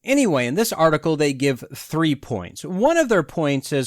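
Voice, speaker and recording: A man in his forties delivers skeptical solo podcast commentary with wry, sarcastic asides. His slightly high voice rises and falls in a lively way. The sound is dry and close, with no room echo. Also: normal speed, few pauses. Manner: skeptical, talks straight to the listener. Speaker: podcast host.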